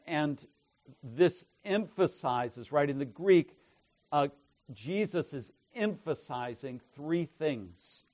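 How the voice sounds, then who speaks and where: A man preaching an expository sermon, reading scripture with deliberate emphasis and strong swells in loudness. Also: medium pitch.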